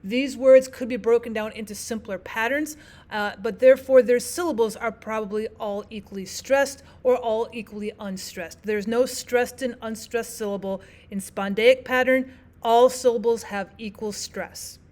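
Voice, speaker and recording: A woman explaining poetic meter in a lesson, walking through examples and slowing down to read lines of verse aloud. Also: fairly high pitch, fairly even intonation, a little mellow. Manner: clear, measured teaching delivery, slows to read verse aloud. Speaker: teacher. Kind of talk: explaining poetry lesson over slides.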